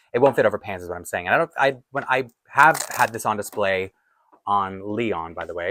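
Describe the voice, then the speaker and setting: A man's voice: fairly low pitch, fairly bright tone, no room sound. A man, from Toronto, chatting casually in a rambling, self-deprecating way as a doll collector vlogger. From Toronto, Canada. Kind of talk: casual chat.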